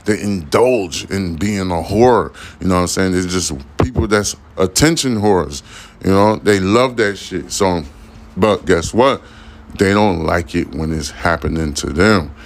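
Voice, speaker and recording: A man's voice: deep voice, measured pace, slight background noise. A young man hosting a podcast, rambling casually in a profane, slang-heavy monologue. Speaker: podcast host.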